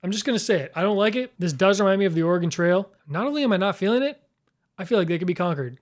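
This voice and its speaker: A man's voice: high-pitched, lively intonation, racing. A man hosting his own video, giving casual, playful commentary as he ranks flags, with frequent exclamations and chuckles. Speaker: YouTube host.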